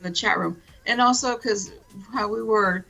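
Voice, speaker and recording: A woman's voice: mid-range voice, normal speed, creaky, pushed and bright, soft background music, rough recording. A woman co-hosting a radio talk show, enthusiastic and gushing about the people she praises. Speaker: radio co-host. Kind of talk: casual chat.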